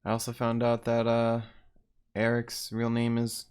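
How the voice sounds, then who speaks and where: A woman's voice: very deep voice, completely flat delivery, a little slow, darkish tone, smooth. A woman co-hosting a podcast with dry, matter-of-fact asides in casual chat. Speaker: podcast co-host.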